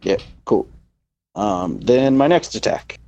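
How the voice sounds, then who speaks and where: A gravelly man with a lively, swooping voice plays a tabletop game. He calls out his rolls slowly and hesitantly, with plenty of pauses and fillers. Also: lowish voice, dull audio, slight background noise. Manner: slow, hesitant, reads out dice rolls. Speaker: player. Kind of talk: casual tabletop game play.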